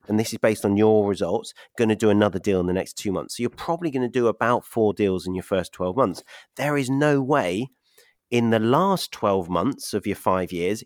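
A man's voice: on the low side, dry recording, clean studio sound. A man hosting a podcast interview, upbeat, laughing often and walking through figures step by step. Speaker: podcast host and property investment mentor.

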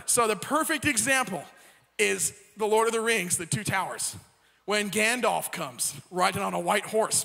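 A young preacher tells the story in a chatty, joking way and keeps tossing in "right?" to the crowd. His voice is very high and bright. A long hall reverb trails after every phrase. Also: creaky. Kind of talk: casual sermon storytelling.

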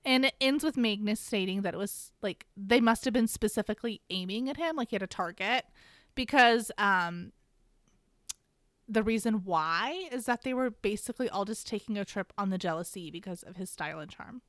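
A woman hosting a podcast, giving a chatty, animated casual recap of a book. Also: medium pitch, normal speed, no room sound, clean studio sound. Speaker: podcast host.

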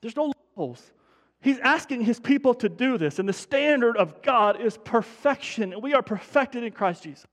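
In a church sanctuary, a male pastor preaches with a very high, animated voice at normal speed. His fervent sermon builds to urgent emphasis, full of restarts and stumbles, and a long hall reverb fills the recording.

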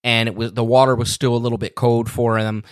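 A man's voice: medium pitch, level tone, fast talker, no room sound, studio quality. Teasing, easygoing male podcast host. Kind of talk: casual chat.

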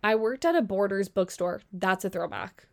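A woman from the American South with a Southern accent, talking casually in a middle pitch. She reads out customer stories and reacts with sarcasm and free swearing, in a chatty vlogger's way. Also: moderate pace, creaky. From Southern Virginia. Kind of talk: casual commentary reading stories.

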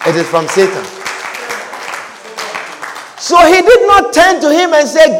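A man preaching a sermon in church, fervent, repeating phrases for emphasis and at times shouting. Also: very high-pitched, huge pitch swings, unhurried, pauses often, some chatter behind. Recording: long reverb of a large hall.

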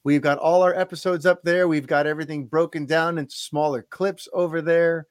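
A man's voice: on the high side, steady tone, brisk, no echo, clean studio sound. A man co-hosting a podcast, chatting casually and enthusiastically, rambling with lots of restarts. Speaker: podcast co-host.

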